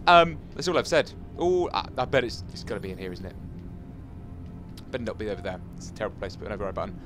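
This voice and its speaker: A man giving jokey, excitable commentary as he plays a video game, chatting to his viewers and taunting enemies. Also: medium pitch. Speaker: gaming YouTuber. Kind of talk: casual Let's Play commentary.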